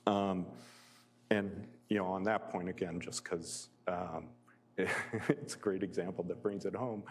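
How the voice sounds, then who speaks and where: Man, very low voice, guest lecturer, conversational, filler words, chuckles. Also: steady tone, measured pace, slight background noise. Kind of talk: public lecture with personal stories.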